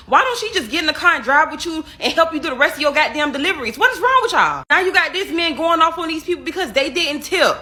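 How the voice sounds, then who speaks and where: High, sharp-voiced woman scolding. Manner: exasperated, scolding, sarcastic. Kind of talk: opinion rant to camera.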